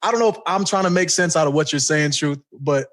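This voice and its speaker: A man's voice: fairly high pitch, quick pace, a bit bright. A man co-hosting a casual podcast chat, teasing his guest and laughing easily. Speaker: podcast co-host.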